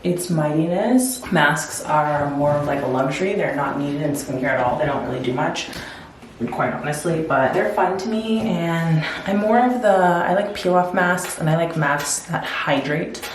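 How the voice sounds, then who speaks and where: A young woman chatting casually in a self-care vlog at home, rambling with lots of fillers, teary and dropping into soft whispers. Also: low-pitched, normal speed, slight background noise. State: teary, emotional. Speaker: vlogger. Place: home, indoors at night.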